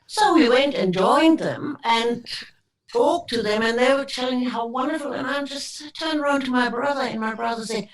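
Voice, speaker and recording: A woman in her seventies with a German accent, telling rambling, animated stories as an actress guest. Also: high-pitched, moderate pace. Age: 70s. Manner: animated, rambling with many restarts. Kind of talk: casual anecdotal storytelling. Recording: roomy, distant from the mic.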